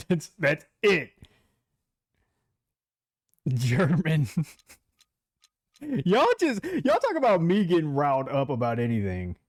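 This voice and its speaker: Male streamer, lively chatty delivery, talks to chat, dry close sound. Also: a little high, takes it slowly, pauses often, no room sound. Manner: chatty, talks straight to chat, laughs easily. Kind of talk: casual live-stream chat.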